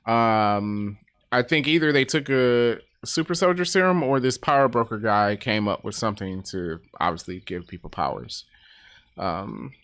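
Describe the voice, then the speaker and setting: A man's voice: mid-range voice, fairly bright tone. A man co-hosting a casual podcast about a TV episode, laughing often and trailing off with ums. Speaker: podcast co-host.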